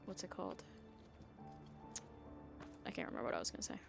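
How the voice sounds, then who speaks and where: Over music, a young woman streams a video game, rambling casually to her viewers and often losing her train of thought. She speaks a little fast in this relaxed live-stream gaming chat.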